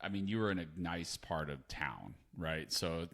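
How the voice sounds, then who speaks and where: A man co-hosting a podcast, talking in a relaxed, rambling way with many "you know"s. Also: low-pitched, a little slow. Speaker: podcast co-host. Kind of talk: casual podcast chat.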